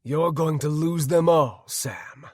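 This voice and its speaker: A wry male rival , voiced by the narrator in a fantasy audiobook, speaking with concern beneath the wryness. Slow, mid-pitched and dry. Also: darkish tone, no room sound. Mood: earnest.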